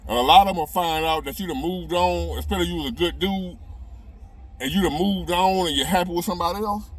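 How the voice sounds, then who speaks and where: Sitting in a parked car, a middle-aged relationship advice video host tells his viewers a relationship story in a casual monologue. His voice is high-pitched and fast, yet his delivery is folksy and drawling.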